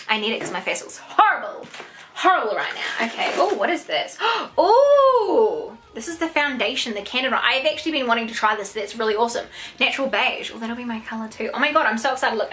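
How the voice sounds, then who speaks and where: A young New Zealand woman unboxing a gift box in a vlog, gushing and excitable, gasping and squealing over each item. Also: fairly high pitch, slight background noise, poor audio. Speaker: YouTuber.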